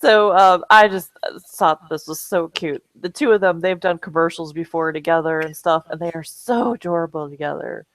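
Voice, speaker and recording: A woman's voice: fairly low pitch, moderate pace, few pauses, dry recording, poor audio. A woman co-hosting a casual comedy chat, chatty and laughing often. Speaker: co-host.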